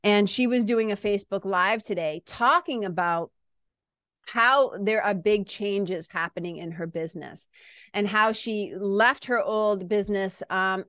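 A woman's voice: mid-range voice, fairly bright tone, smooth, no room sound, clean studio sound. A woman from Massachusetts with a Boston accent, hosting a podcast in a candid, rambling casual monologue with some swearing. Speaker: podcast host.

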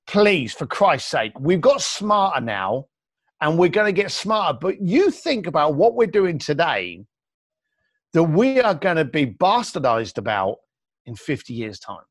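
Speaking at a measured pace, a podcast guest whose voice is on the high side tells blunt, animated stories and acts out quoted lines. The interview recording is dry and studio quality.

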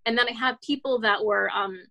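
A woman's voice: on the high side, fairly even intonation, a little fast, gravelly, bright, forceful tone. Chatty woman in her thirties, rambling. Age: 30s. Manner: rambling, many restarts and fillers, heartfelt. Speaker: guest author. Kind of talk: casual interview storytelling.

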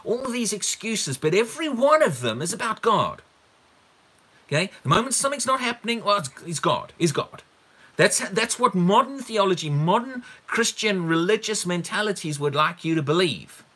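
A man's voice: high voice, very animated, moderate pace, sharp tone, slightly rough. A man preaching a teaching sermon on a Bible passage, emphatic, repeating words for stress and asking the listeners rhetorical questions.

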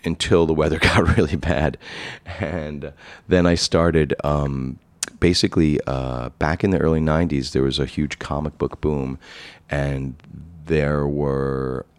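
A man's voice: very deep voice, unhurried, dry recording. A man from New York, a comic book dealer, telling his own story in a rambling, casual way with many restarts. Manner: rambling, many restarts, animated when recalling.

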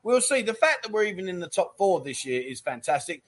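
A man's voice: high voice, sing-song, brisk. A middle-aged man hosts a casual livestream chat show, reading out viewer comments and chatting in a jokey way. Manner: chatty and jokey, with frequent "mate" and "um".

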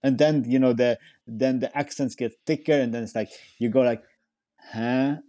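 Man, mellow voice, rambling chat. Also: mid-range voice, steady tone, brisk, no echo. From Sweden. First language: Swedish. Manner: rambling, many fillers and restarts. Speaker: podcast guest. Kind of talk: casual chat.

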